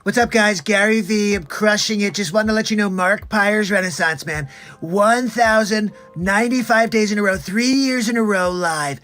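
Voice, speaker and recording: A man's voice: high voice, normal speed, fairly bright tone, soft background music. A man doing a comedic impression of a hyped, pushy male entrepreneur preaching hustle.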